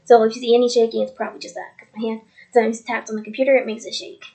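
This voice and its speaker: Recorded on her computer mic at home, a woman vlogs a casual faith testimony, speaking earnestly, rambling, and repeating herself. Her voice is a little high and husky with a warm tone, and she talks very fast with flat delivery.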